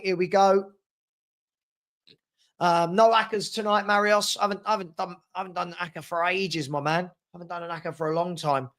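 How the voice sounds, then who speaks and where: Man, high-pitched voice, casual watchalong host, play-by-play, chats with viewers. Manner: chatty, answers viewers' comments between play-by-play. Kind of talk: casual live match commentary.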